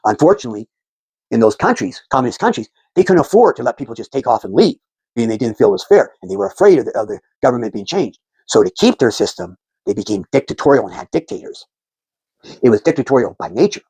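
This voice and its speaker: Fast, gravelly man explaining civics. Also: medium pitch, big pitch swings, a little mellow, no room sound. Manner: rambling, many restarts and fillers. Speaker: civics commentator. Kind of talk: casual explanatory talk.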